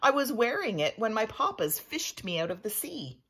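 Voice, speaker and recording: A cheeky young pirate princess, voiced by a woman reading a storybook, sounds high, bossy and full of swagger. She talks with a breathy edge and big swoops of pitch. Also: big pitch swings, moderate pace, fairly bright tone, full character voice. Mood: brash. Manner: brash, commanding.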